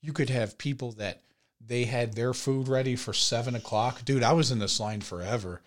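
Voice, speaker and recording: A man co-hosting a podcast, telling everyday stories in relaxed casual chat, often dropping soft and low. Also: normal speed. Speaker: podcast co-host.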